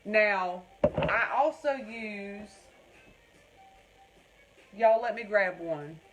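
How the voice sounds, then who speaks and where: A woman's voice: medium pitch, very slow, dull audio. Woman, North Carolina Southern accent, chatty, rambling, live-stream host, faint music behind. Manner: chatty, rambling, keeps calling viewers "y'all" and reading out their comments. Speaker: crafting livestream host. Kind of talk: casual live-stream chat.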